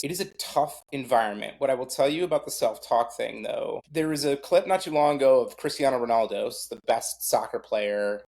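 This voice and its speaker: A middle-aged man with a mid-range, darkish voice is a guest on a podcast, casually talking sports. He rambles with plenty of fillers and self-deprecating asides.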